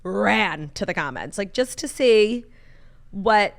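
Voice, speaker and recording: Animated young woman gossiping. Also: mid-range voice, takes it slowly, creaky. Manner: gossipy, animated storytelling with many "like"s. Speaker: podcast co-host. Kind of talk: casual chat.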